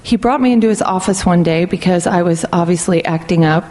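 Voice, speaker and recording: A middle-aged woman sharing a personal faith testimony in an earnest, reflective way, speaking slowly and deliberately. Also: lowish voice, darkish tone. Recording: long hall reverb.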